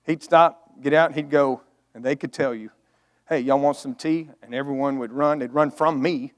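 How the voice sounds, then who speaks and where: A man's voice: mid-range voice, fairly even intonation, moderate pace. A middle-aged man preaching a storytelling sermon, earnest and emotional, swelling to emphatic outbursts.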